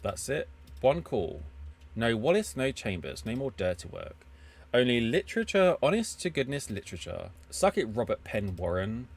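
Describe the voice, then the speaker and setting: A drunk, resentful writer who hits bottles and schemes his way out, as a man acts him out while playing. His voice swings widely in pitch, from a muttered slur to a snarl of threats. The tone stays bitter and conniving. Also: sing-song, moderate pace. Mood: scheming.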